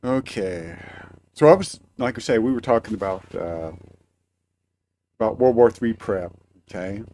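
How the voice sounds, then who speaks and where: A man's voice: on the low side, expressive, unhurried, mellow, slight background noise. A man hosting a live-stream radio show from a cabin, rambling casually with lots of filler and swearing. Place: cabin, indoors.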